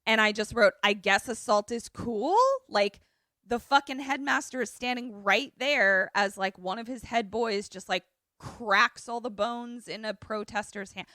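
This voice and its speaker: A woman's voice: fairly high pitch, a little slow, no echo, studio quality. A woman podcast co-host recapping a movie in casual chat, swearing freely and acting out the characters' lines. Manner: animated storytelling, swears freely, acts out quotes.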